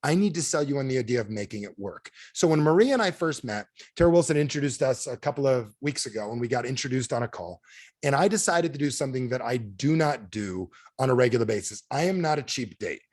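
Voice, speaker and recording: A man's voice: mid-range voice, expressive, fast, darkish tone, no echo, clean studio sound. A man giving a motivational talk on a video call, telling stories and firing frequent questions at his audience. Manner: storytelling, peppered with audience questions. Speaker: sales trainer.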